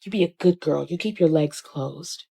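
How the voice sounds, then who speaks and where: Intense woman in her forties, mellow voice. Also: sits low, moderate pace, vocal fry, breathy edge. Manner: intense, building to shouts. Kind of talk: emotional monologue.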